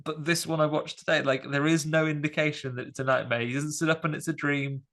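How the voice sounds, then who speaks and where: Gravelly-voiced man rambling about a film. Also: on the high side, fast talker. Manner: rambling, animated retelling with fillers. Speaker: podcast host. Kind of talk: casual film review chat.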